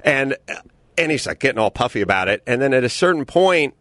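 A man in his fifties tells a story on his podcast with sarcastic indignation, cursing as he rants. His voice sits at an ordinary middle pitch. The sound is close and dry, with no room around it. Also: sing-song, fast talker, a bit bright, no room sound. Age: 50s. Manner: indignant, sarcastic ranting with swearing. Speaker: comedian and podcast host. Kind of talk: casual storytelling chat.

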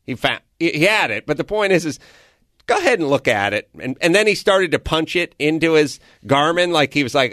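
A man's voice: a little high, fairly quick, dry recording. Guy ranting on a podcast, voice jumps all over when he acts out people, dry close sound. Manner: animated storytelling, acts out quotes, profane. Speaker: podcast co-host. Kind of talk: casual comedic rant.

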